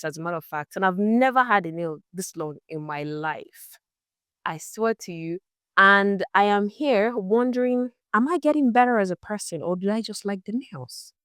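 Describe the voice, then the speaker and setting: A woman's voice: lowish voice, no room sound, clean studio sound. A young woman talking casually to her camera in a vlog, chatty and exasperated as she tells a story. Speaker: vlogger.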